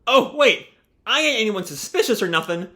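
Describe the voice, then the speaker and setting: Brief: defensive older sister with rough slang, as a man reads her, pitched up and bright. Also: very animated, normal speed, heavily acted.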